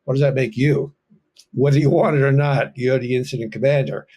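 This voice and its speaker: A man who serves as a fire officer, a guest in an interview, speaking calmly with halting restarts. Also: medium pitch. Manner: calm and measured, with halting restarts. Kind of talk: casual interview talk.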